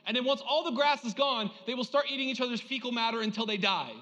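A male pastor preaching a lively sermon, joking and calling on the congregation to respond. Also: extremely high pitch, fast, long reverb tail, dull audio, slight background noise.

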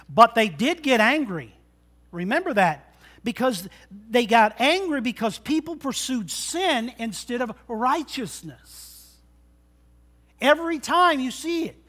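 A middle-aged male pastor preaching a sermon in a church, joking and swinging between loud bursts and quiet asides. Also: very high-pitched. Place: church sanctuary.

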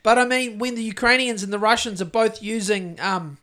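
A New Zealand man with a notably high voice, chatting on a podcast mic. He rambles from tangent to tangent, swears freely and keeps things jokey. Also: steady tone, normal speed, sharp tone. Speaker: podcast host. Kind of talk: casual chat.

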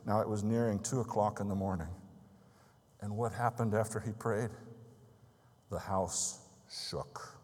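A man's voice: on the low side, little pitch movement, fairly quick, darkish tone, breathy edge, long reverb tail. A man preaching a sermon, telling a story in an earnest, emphatic way.

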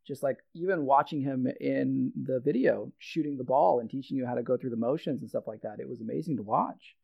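Gravelly guy on a podcast sharing an old memory, lo-fi muffled audio. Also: medium pitch, brisk, dry recording. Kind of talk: casual sports podcast chat. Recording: dull lo-fi audio.

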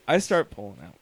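A man, co-hosting a podcast, telling profane stories in an animated way with laughter. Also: fairly low pitch, slightly rough, no room sound. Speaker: podcast co-host. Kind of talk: casual chat, storytelling.

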